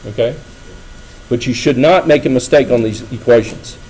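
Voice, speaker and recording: A man's voice: medium pitch, moderate pace, a little mellow, slight background noise, poor audio. Man lecturing a classroom, chatty. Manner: conversational, asks students frequent checking questions. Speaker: engineering lecturer.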